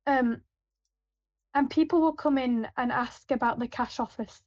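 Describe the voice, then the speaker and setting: A woman's voice: high voice, unhurried, a little mellow, no room sound. A woman working on supermarket tills, chatting casually with a rambling manner full of fillers and restarts. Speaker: supermarket till worker. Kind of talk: casual anecdotal chat. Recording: dull, lo-fi, dry.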